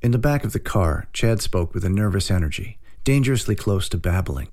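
A man narrating an audiobook in a steady, dry storytelling way. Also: lowish voice, brisk, few pauses.

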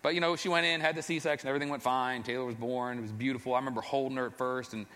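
A man's voice: mid-range voice, fairly even intonation, rapid-fire, sharp tone. A man, a father, telling his faith testimony in an earnest, rambling, self-deprecating storytelling way. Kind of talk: personal storytelling. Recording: long reverb, echoey hall.

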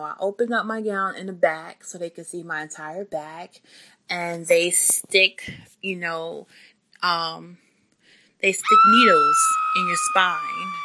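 Slow-talking young woman, chatty storyteller. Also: on the low side, sharp tone. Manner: chatty, rambling, many fillers and restarts. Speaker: new mother telling her birth story. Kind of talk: casual storytelling.

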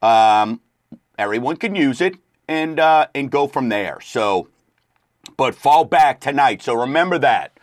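A man's voice: medium pitch, animated, measured pace, no room sound. A middle-aged man hosting a radio talk show in a loose, rambling way, full of fillers. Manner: rambling, laid-back, lots of fillers. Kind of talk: casual chat.

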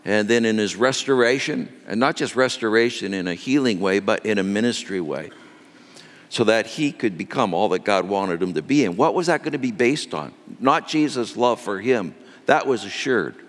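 A man's voice: fairly low pitch, expressive, normal speed, in a large hall. A male pastor delivering an earnest, emphatic sermon.

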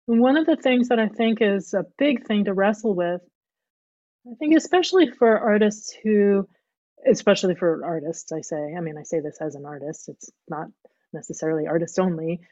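A woman speaking as a guest thinks aloud carefully in a reflective conversation, searching for words and often restarting her sentences. Her voice is mid-range and darkish, with no room sound and the highs cut off.

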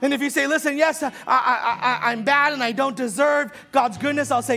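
A male pastor preaching a sermon, dropping to slow, quiet lines and then rising to loud, fast preaching, with many repeated words and restarts. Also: very high voice, vocal fry, soft background music.

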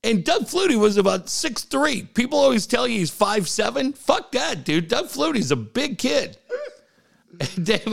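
A middle-aged man co-hosting a podcast, telling stories in casual chat, animated and profane, often laughing as he talks. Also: extremely high pitch, moderate pace, vocal fry. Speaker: podcast co-host.

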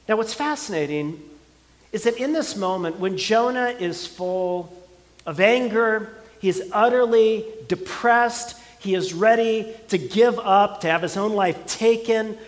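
A man with a notably high voice preaches a sermon at an unhurried pace. He stresses his points by repeating words and stacking phrases. His voice carries a long reverb, as if from a large church hall. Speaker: pastor.

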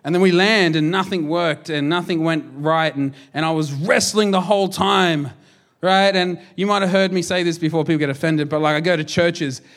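A man in his thirties, a pastor, preaching a sermon in an energetic, jokey, conversational way. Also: fairly high pitch, moderate pace.

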